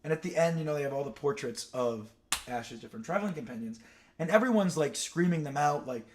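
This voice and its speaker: A man's voice: a little high, expressive, fast talker, darkish tone, slight background noise. A young man chatting casually on a stream, telling rambling stories full of fillers and side tracks. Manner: rambling, digressive storytelling with many fillers. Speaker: streamer ranking cartoon characters. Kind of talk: casual chat.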